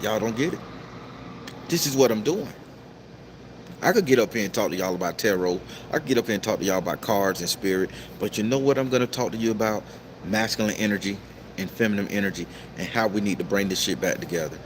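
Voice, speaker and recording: A man hosting a casual livestream and reading out viewer comments, talking in a profane, preachy, emphatic way with sudden high-pitched outbursts. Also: quick pace, noisy background. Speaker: tarot reader and livestream host.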